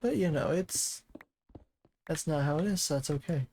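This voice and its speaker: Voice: medium pitch, normal speed, darkish tone, a little hiss or hum, poor audio. A streamer casually chatting and rambling while building in a game, often counting blocks aloud.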